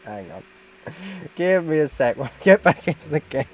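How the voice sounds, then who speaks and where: A man's voice: fairly high pitch, fast, darkish tone, slight background noise. A man streaming a game, chatting casually, laughing often and exclaiming at the screen.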